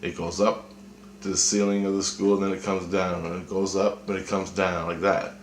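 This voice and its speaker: A man's voice: low voice, little pitch movement, moderate pace. A man casually retelling a dream, rambling and cursing, with frequent restarts. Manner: rambling, profane, restarts often. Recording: echoey room, faint noise.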